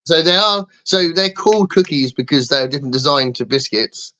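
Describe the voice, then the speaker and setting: A man's voice: fairly high pitch, lively intonation, moderate pace, sharp tone. Rambling English man chatting casually. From England. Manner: rambling, self-mocking, laughs often. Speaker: guest co-host. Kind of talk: casual live-stream chat.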